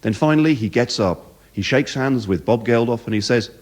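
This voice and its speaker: A British man performing live comedy, telling a story in an animated, mock-dramatic way. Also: medium pitch, moderate pace. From Britain.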